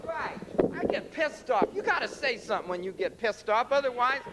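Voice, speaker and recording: A man's voice: extremely high pitch, animated, normal speed. A man doing a stand-up comedy set, talking brashly and ranting with profanity in front of a live audience in a large concert venue. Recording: live concert tape with crowd noise. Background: laughing crowd.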